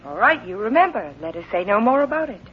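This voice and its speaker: A woman's voice: medium pitch, big pitch swings, fast talker, slightly rough. An actress playing a playful wife in a radio comedy who teases and coaxes her husband. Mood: coaxing. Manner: playful, coaxing, light. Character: teasing young wife, playful and persistent. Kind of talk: 1940s radio comedy acting. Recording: dull old radio recording with faint hiss.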